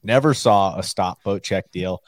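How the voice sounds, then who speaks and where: A man's voice: deep voice, a little slow, no room sound. A man in a casual fishing chat, telling an easygoing story about getting pulled over. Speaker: show regular.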